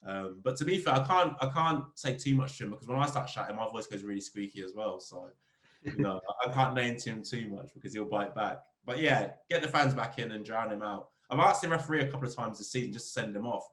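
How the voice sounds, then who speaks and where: A man, a football club captain, chatting as a podcast guest and telling lively stories about the game. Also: quick pace. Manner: animated storyteller, rising pitch when telling funny stories. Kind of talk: casual interview chat. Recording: roomy echo.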